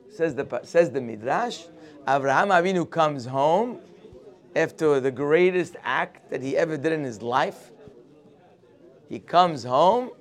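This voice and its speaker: In a slightly high, creaky voice, a religious teacher leads a morning Torah class, telling the story expressively and mixing Hebrew quotes into his English.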